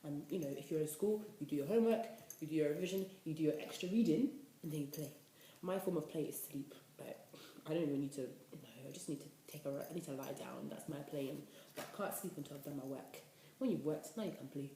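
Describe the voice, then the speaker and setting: A woman in her twenties from the UK, a university student giving casual life advice in an animated, chatty way. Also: sits low, fast. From United Kingdom. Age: 20s. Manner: chatty, animated, preachy asides. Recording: echoey room, faint noise.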